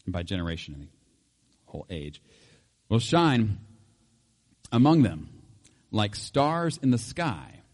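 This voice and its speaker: A man's voice: on the low side, big pitch swings, a little slow, pauses often, darkish tone, big-room sound. A male pastor preaching a conversational sermon, easygoing and chuckling often, with homely examples. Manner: conversational, laughs often, uses everyday examples.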